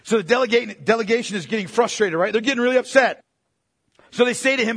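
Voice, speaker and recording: A man preaching with a high, light voice, talking through scripture in a relaxed, conversational way and then pressing hard on key points. He repeats phrases for emphasis and calls his listeners "man." His voice rings out with a long reverb, as in a large hall. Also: fast talker, husky. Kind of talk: sermon.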